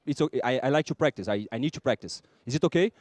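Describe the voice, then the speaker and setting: A man with a Brazilian accent giving a lively conference talk, acting out small scenes and joking with the audience. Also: mid-range voice, very fast, no echo. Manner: lively, acts out little scenes and jokes with the audience. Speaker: conference speaker.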